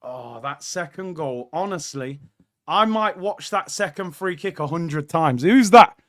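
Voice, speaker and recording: Bright, high-voiced excitable male streamer. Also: a little slow. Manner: excitable, reacts aloud to live play and reads chat. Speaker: watchalong host. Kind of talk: live football watchalong reaction. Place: indoor room.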